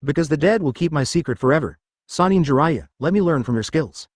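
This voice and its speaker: A man's voice: fairly high pitch, animated, fairly quick, darkish tone, no echo, studio quality. Male reader voicing a cold, cocky masked ninja.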